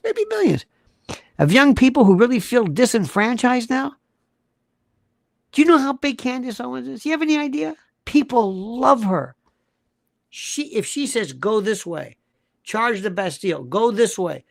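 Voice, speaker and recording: Male host, emphatic live-stream monologue, wide swooping delivery, gravelly edge. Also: very high voice, dry recording, clean studio sound. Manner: animated, emphatic, repeats rhetorical questions.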